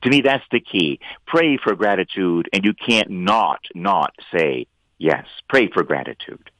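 A man, a priest and regular on a radio show, talking earnestly about faith and often rising into lively emphatic bursts. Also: low-pitched, measured pace, no echo, muffled recording. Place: radio studio.

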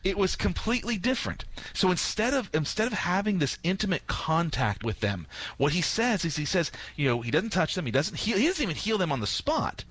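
A priest talking through a gospel reading on a radio show, animated and storytelling, acting out quoted lines. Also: male voice, high-pitched, fairly quick, no echo. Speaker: priest, guest commentator. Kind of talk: radio talk on scripture.

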